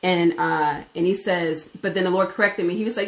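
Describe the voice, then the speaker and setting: Animated woman teaching in a roomy echo. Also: fairly low pitch, brisk, few pauses. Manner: animated, conversational, acts out dialogue. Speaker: bible study teacher. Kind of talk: informal bible study message.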